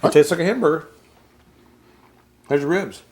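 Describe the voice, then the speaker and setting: A man's voice: on the high side, moderate pace, darkish tone, slight background noise. A middle-aged man co-hosting a homebrewing show in casual, jokey chat. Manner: jokey, playful, reminiscing.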